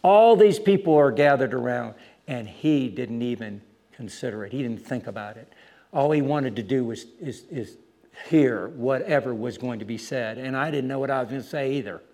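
A man preaching, telling a story about street preaching with lively, animated delivery and acted-out voices. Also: mid-range voice, moderate pace. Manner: animated storytelling, acting out other voices loudly. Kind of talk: sermon with storytelling.

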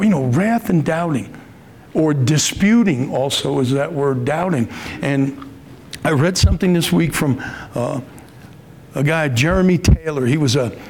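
A man giving a conversational sermon, speaking earnestly and lifting his voice to stress points and act out prayers. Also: darkish tone. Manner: earnest, rises in pitch for emphasis, acts out prayers. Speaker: preacher.

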